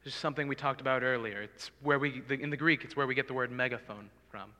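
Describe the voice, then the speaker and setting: Casting note: male preacher, earnest and pleading, bright forceful tone, long hall reverb. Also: mid-range voice, fast talker. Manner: earnest, pleading, swells loud for emphasis. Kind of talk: sermon.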